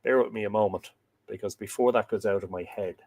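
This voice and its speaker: A man hosting a live podcast, reading old myths aloud and breaking off into chatty, halting asides. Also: on the low side, a little mellow, slightly rough.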